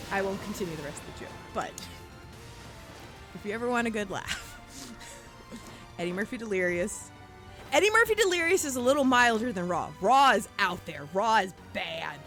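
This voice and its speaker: Lively woman streamer telling stories. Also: medium pitch, normal speed, long pauses, over music. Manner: animated storytelling, frequent laughter, casual cursing. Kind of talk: casual chat while streaming a game.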